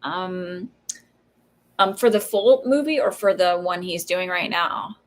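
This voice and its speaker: A woman's voice: on the low side, slow pace. A woman in her thirties doing a live psychic reading, answering viewer questions in a casual, hesitant way with many fillers and friendly asides. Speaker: psychic reader on a livestream.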